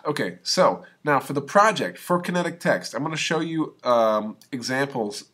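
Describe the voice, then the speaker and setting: Man talking through a software tutorial. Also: medium pitch, animated, moderate pace. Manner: casual, talks through each click step by step. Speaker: teacher. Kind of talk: screen-recorded software tutorial.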